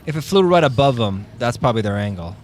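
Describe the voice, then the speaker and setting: A man's voice: mid-range voice, lively intonation, quick pace, darkish tone, slight background noise. A man co-hosting a podcast in casual chat, joking and sarcastic, with some swearing. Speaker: podcast co-host.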